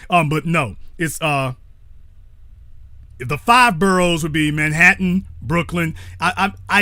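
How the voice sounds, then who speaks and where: A man's voice: a little high, measured pace, sharp tone, no room sound. A man hosting a call-in talk show, speaking bluntly with profanity and stopping to correct himself.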